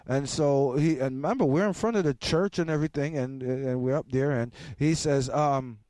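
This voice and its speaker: A man's voice: mid-range voice, normal speed, few pauses, warm tone, dry recording, studio quality. A man, hosting a radio show and telling a story with rambling, stammering repetitions. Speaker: radio host. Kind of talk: storytelling to listeners.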